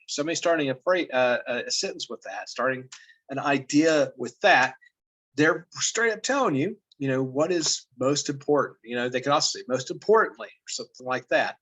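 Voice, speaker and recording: A man's voice: medium pitch, moderate pace, fairly bright tone, poor audio. A man teaching a class, reading passages aloud and explaining them casually with many fillers. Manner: thinks aloud with fillers, reads passages then comments.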